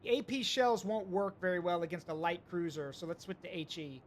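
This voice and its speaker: A man with a fairly high voice streams a naval strategy game live. He thinks out loud, hesitates, and chats with his viewers as he plays. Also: animated, a little fast, a little hiss or hum. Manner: thinks aloud, hesitant, talks to chat. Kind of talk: live gameplay commentary.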